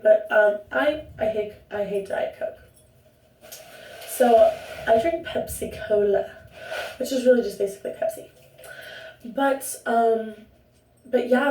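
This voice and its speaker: A woman's voice: on the high side, warm tone. Chatty young woman in an echoey room. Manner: rambling, chatty, self-interrupting. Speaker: vlogger. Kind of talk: casual chat to camera. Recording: roomy echo, distant from the mic.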